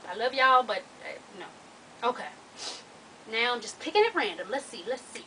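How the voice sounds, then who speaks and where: A woman's voice: on the high side, sing-song, moderate pace, far from the mic. Woman, advice vlog host, blunt and profane, faint background noise.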